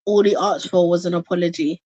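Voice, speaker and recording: A woman's voice: lowish voice, fairly even intonation, brisk, a little mellow, no echo, muffled recording. A woman, a panel member in a casual discussion, who explains things patiently and backs up the host.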